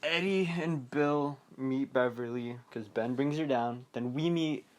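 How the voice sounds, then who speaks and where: A young man hosting a podcast, recapping a film in a rambling, casual way, full of fillers and quick mock quotes. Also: medium pitch. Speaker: podcast host.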